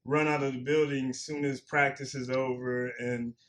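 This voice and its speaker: A man's voice: mid-range voice, level tone, normal speed. A man in his forties, a former pro football player, talking earnestly and plainly as a guest, repeating himself for emphasis. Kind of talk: reflective interview talk.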